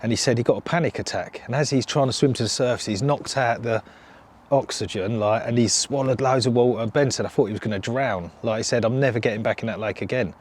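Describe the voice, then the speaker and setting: A man, a carp angler, telling a ghost story in a casual, lively way and acting out the voices of the people he quotes. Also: mid-range voice, fast. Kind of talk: casual anecdote. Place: outdoors by a lake.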